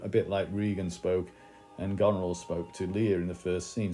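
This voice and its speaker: Male literature teacher, deep mellow tone, chatty lesson delivery with ums. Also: steady tone, moderate pace, soft background music. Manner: conversational, thinking aloud with fillers and restarts. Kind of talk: explaining a play in a recorded lesson.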